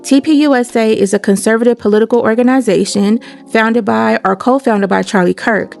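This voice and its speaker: A woman's voice: on the high side, a little fast, gravelly, a little mellow, soft background music. A woman hosting a casual commentary video in a chatty, slangy way. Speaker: YouTube commentary host.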